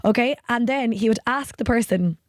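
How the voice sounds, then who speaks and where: A woman's voice: fairly high pitch, normal speed, no room sound. An Irish woman co-hosting a casual podcast chat, telling odd folk cures with a playful, laughing manner. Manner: playful storyteller, laughs often. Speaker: podcast co-host.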